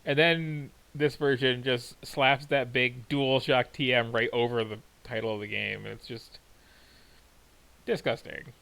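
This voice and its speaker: A man's voice: medium pitch, fairly even intonation, unhurried, creaky, a bit bright, low-quality recording. A man giving rambling, wry and self-deprecating commentary while streaming a video game. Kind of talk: casual gameplay commentary. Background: game music.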